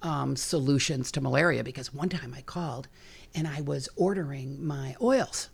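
A woman talks through her work as a guest in a casual interview. Her voice has a gravelly, fry-tinged edge. She is chatty and animated, jumping between asides and fillers. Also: extremely low pitch, normal speed. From Chicago, USA. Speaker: guest, bug repellent maker.

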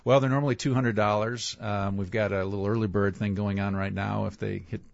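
A man in his sixties, a charity event organizer on a radio show, speaking haltingly with many fillers. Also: fairly low pitch, little pitch movement, vocal fry, no room sound. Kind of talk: casual radio interview. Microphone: studio microphone. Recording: slightly muffled dry studio sound.

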